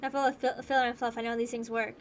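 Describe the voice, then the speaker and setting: A woman voicing a laid-back, defiant young man in a lower, dry, dismissive tone. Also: level tone, racing, a little hiss or hum, close to an everyday voice. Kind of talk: voicing game dialogue.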